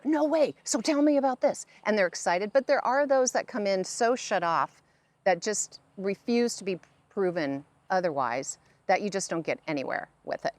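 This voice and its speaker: With a mid-range voice and no room sound, a middle-aged woman who is a psychic medium talks casually in an interview. She recounts stories and performs the voices of the people in them.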